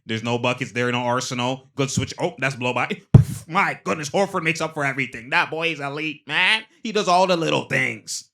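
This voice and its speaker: A man hosting a casual basketball replay breakdown, excitable and slangy, breaking into laughter between remarks. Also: medium pitch, a little fast, gravelly, hardly any pauses. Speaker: host.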